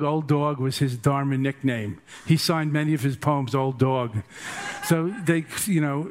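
A man's voice: a little high, a little slow, a little mellow, slight background noise. An older man tells meditation stories in a loose, joking way. He wanders between anecdotes as a teacher speaking to a group. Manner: chatty, humorous, digressive. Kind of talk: storytelling dharma talk.

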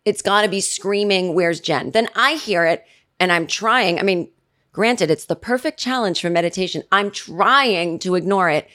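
Woman in her forties, podcast host, casual comedic monologue, chatty storyteller, middle-range voice. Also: normal speed. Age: 40s. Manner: chatty storyteller, mimics family in shrill yells.

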